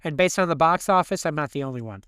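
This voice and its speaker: A man co-hosting a podcast in casual movie chat, animated and swearing freely as he talks. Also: a little high, fast talker, clean tone, no room sound, clean studio sound. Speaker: podcast co-host.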